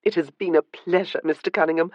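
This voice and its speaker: A woman's voice: on the low side, fairly even intonation, fast talker, dry recording, highs cut off, lightly acted. A woman voicing Elizabeth, a wry, perceptive noblewoman who teases dryly in an audiobook. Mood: gracious. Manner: dry and teasing. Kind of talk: audiobook character reading.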